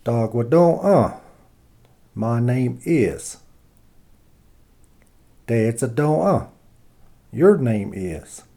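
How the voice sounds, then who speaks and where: Very slow, mellow-voiced male teacher. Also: medium pitch, sing-song, gravelly. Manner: slow, deliberate, pausing after each phrase. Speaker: language teacher. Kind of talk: reading phrase-by-phrase lesson dialogue.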